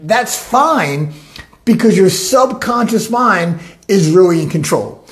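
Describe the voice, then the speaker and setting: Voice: medium pitch, slow. Life coach doing a motivational talk, voice swoops up and down a lot. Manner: animated, acts out inner voices.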